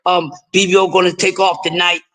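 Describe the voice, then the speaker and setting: A middle-aged man from the US East Coast with a raspy voice, hosting a casual sports talk live stream and rambling in a loose, jokey way with lots of repeated words. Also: sits high, little pitch movement, brisk, a bit bright, rough recording. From East Coast of the United States.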